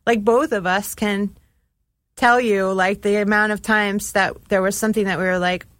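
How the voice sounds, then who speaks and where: A chef who co-owns a vegan diner tells a story in casual chat, her mid-range voice fairly even and fairly bright at normal speed, recorded dry. She's chatty, filling her talk with "like" and acted-out quoted asides.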